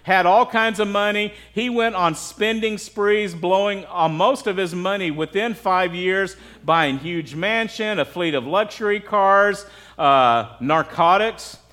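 A man's voice: sits high, a little slow, pushed and bright. An American man preaching a sermon to a live congregation in a conversational way, often checking in with the crowd. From United States. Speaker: pastor.

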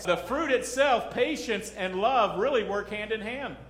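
A middle-aged pastor preaching a sermon in a loose, conversational way, joking, acting out little scenes and asking the congregation questions. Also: male voice, sits high, animated, unhurried, fairly bright tone. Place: church sanctuary. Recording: echoey church hall.

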